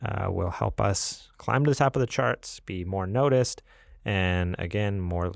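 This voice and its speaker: A man's voice: low-pitched, a little slow, gravelly, no echo, studio quality. A man co-hosting a casual podcast, rambling with many fillers and restarts. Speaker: podcast co-host.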